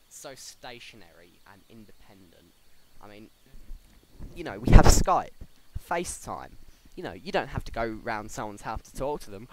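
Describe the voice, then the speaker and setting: A young man, talking casually on a solo podcast, rambling with lots of fillers and restarts. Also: on the low side. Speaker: podcast host. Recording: faint background noise.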